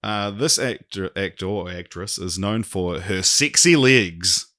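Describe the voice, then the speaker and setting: A man co-hosting a casual podcast, reading out quiz clues slowly and laughing often. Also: sits low, sharp tone. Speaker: podcast co-host, quizmaster.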